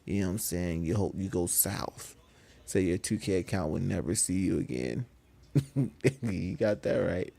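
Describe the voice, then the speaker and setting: A man chatting casually with viewers on a gaming live stream, laughing often and getting animated when he rants. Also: low-pitched, moderate pace, vocal fry, breathy edge. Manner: laid-back, laughs often, gets animated when ranting.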